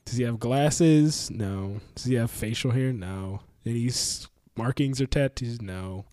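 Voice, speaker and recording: A man with a mid-range voice co-hosting a casual podcast. He speaks very slowly in a deadpan, teasing way. The recording is close and dry. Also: medium pitch, no echo. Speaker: podcast co-host. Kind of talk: casual chat.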